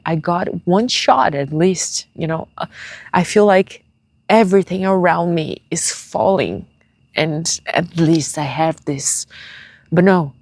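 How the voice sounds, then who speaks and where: A young woman talking to her viewers in a tearful personal vlog, halting and searching for words in English, which is not her first language. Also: lowish voice, no room sound. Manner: confiding, speaks straight to viewers. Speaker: vlogger.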